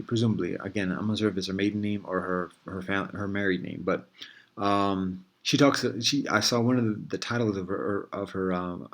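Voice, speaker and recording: Meandering man musing aloud, low-voiced. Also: fairly bright tone. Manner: meandering, thinks aloud with frequent restarts; easygoing, conversational slang. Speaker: host. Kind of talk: casual reflective monologue.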